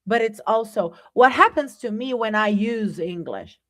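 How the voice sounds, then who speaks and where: In a fairly high, somewhat bright voice, she talks in an unhurried way with few pauses and lively intonation. The woman has a Brazilian Portuguese accent and hosts a live English class, chatting casually, calling her viewers "guys" and repeatedly tossing in "right?"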